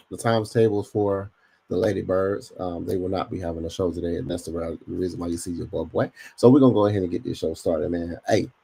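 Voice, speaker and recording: This podcast host runs a casual livestream, talking in slang and speaking straight to his chat. His voice is low-pitched, with vocal fry and a breathy edge, and he sounds animated throughout.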